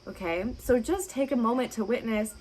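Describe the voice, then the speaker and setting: A registered dietitian offers advice directly to the camera in an encouraging, reassuring and animated way, often asking rhetorical questions. Her voice sits a little high with a darkish tone at a moderate pace, and the rough recording has slight background noise.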